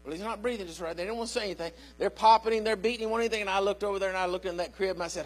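A man's voice: high-pitched, very fast, hardly any pauses. An older man, a pastor, preaching a sermon in a folksy storytelling way and calling out to his listeners.

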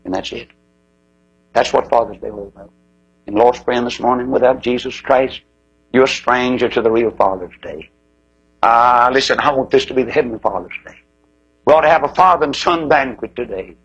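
A man's voice: a little fast, husky, low-quality recording. A man preaching a sermon, telling stories dramatically and acting out the voices in them. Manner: dramatic storytelling with swooping pitch, acting out quoted voices.

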